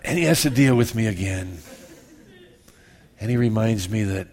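A man in his fifties preaching a sermon in a church, conversational and self-mocking, swinging from loud exclamations to hushed confessions. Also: on the low side, animated, moderate pace, long pauses, slight background noise. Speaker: pastor.

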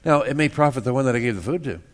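A man's voice: mid-range voice, lively intonation, rapid-fire. A joking, folksy male pastor preaching. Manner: folksy and joking, acts out little scenes, repeats words. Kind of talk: sermon. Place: church.

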